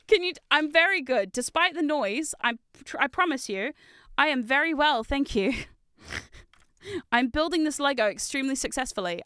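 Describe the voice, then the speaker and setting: A woman streamer chatting casually with viewers while building Lego, excitable and giggly, and swearing when something goes wrong. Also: high voice, a little slow, pauses often, no echo, studio quality. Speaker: VTuber streamer.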